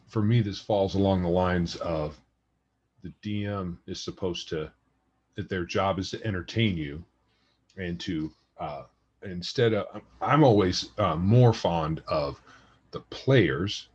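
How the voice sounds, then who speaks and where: A man's voice: low voice, slow, husky, muffled recording. A man co-hosting a casual gaming podcast, giving blunt, dismissive opinions. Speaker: podcast co-host.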